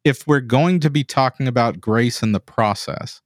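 A man's voice: medium pitch, moderate pace, no echo, clean studio sound. A man co-hosting a podcast, earnest and reflective, cutting in to make his point. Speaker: podcast co-host. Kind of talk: conversational interview.

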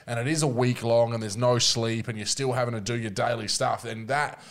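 A man's voice: medium pitch, steady tone, fairly quick. A man on a podcast talking earnestly about working through hard days, thinking aloud and swearing casually.

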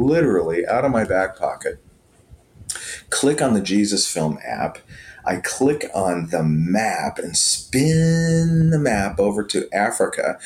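A middle-aged man, a podcast guest, telling a personal story in an animated, chuckling way. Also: fairly low pitch, takes it slowly. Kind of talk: conversational storytelling.

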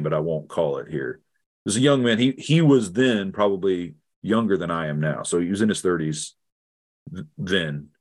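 A middle-aged man with a very low voice tells a personal story during an interview. He speaks earnestly and haltingly, often restarting his sentences. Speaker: guest theologian. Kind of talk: reflective storytelling in conversation.

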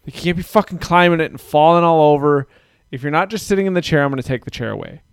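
A man in his thirties co-hosting a podcast, telling a long, profane story about his kids. His voice sits a little high and comes across smooth and clean, recorded close and dry with no room sound. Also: fast, no echo. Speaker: podcast co-host; father of young kids. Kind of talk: casual chat.

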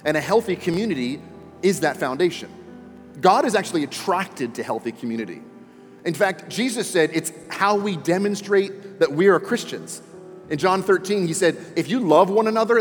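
A man preaching a sermon as pastor, speaking earnestly and emphatically, often repeating words for stress. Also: on the high side. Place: church auditorium. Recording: long reverb in a large hall, faint music.

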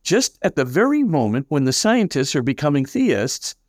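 Lively older priest telling stories. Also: male voice, a little high, moderate pace, no room sound, studio quality. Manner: lively, acts out quoted voices, many fillers. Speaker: priest and guest. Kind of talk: animated anecdotal storytelling.

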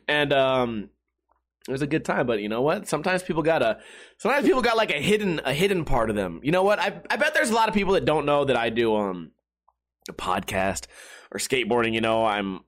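A man hosting a podcast, ranting in a casual comedic monologue, excitable and profane with rambling restarts. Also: on the high side. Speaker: podcast host.

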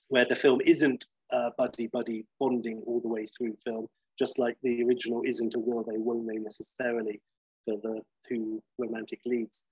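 A man casually pitching a film idea, rambling with many fillers and restarts. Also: darkish tone, husky, no room sound, lo-fi sound. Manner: rambling, full of fillers and restarts, acts out the characters.

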